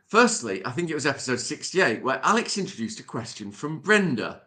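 A man's voice: mid-range voice, very animated, fairly quick, hardly any pauses, bright, forceful tone. A man hosting a casual podcast, playful and self-mocking as he reads listener letters aloud. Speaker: podcast host.

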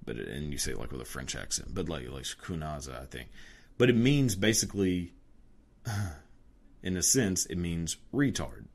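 Young adult man, very low voice, profane casual rant, lots of "like" and restarts. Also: sing-song, normal speed, gravelly, darkish tone. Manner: crude, profane, rambling with many fillers.

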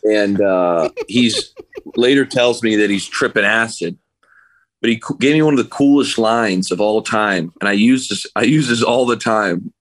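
A man, a guest on a podcast, telling a story in a casual, animated way and acting out what other people said. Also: lowish voice, normal speed, no echo, rough recording. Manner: animated anecdote teller, acts out other people's lines. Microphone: remote call.

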